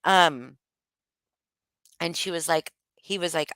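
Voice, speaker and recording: A woman with a low, smooth voice talks in a loose, rambling vlog monologue. She is blunt and swears freely, often restarting her sentences. The sound is dry and close, with no room echo. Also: expressive, a little slow, fairly bright tone. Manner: candid, profane, rambling with many restarts. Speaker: vlogger.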